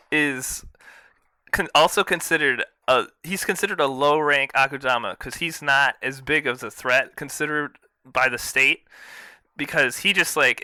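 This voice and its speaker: A man talking casually on a podcast, often acting out characters' lines in animated bursts. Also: medium pitch, clean tone, no room sound. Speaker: podcast co-host.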